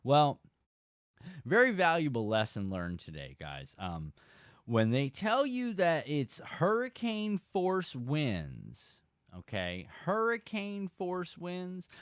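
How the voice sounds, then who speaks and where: Animated man telling a fishing story. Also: on the low side, clear, resonant tone, no echo, studio quality. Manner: animated storyteller, exaggerated emphasis, addresses viewers and chat. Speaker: fishing channel host. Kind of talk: casual livestream storytelling.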